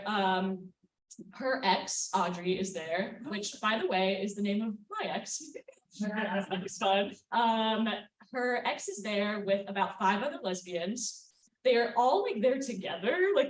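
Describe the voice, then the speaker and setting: A woman's voice: medium pitch, slight background noise. A woman telling a self-mocking personal story at a live storytelling night, casual and full of fillers. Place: event space with audience. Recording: roomy sound from far off the mic.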